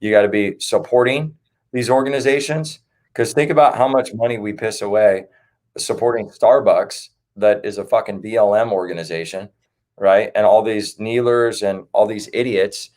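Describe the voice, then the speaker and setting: Low-voiced man making an earnest pitch. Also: moderate pace, darkish tone. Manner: earnest, rallying, calls listeners dude and man. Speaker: guest. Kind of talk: casual livestream chat.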